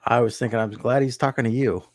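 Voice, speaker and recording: A man's voice: mid-range voice, fairly even intonation, quick pace, dry recording. A man co-hosting a casual stream, dropping dry short remarks from off the mic.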